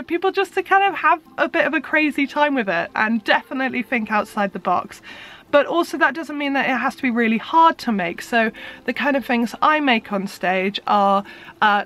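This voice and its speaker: Young woman vlogger, bubbly and chatty, voice sits a bit high, talks to camera like it's a friend. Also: a bit bright. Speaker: vlogger and musician. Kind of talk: casual chat to camera.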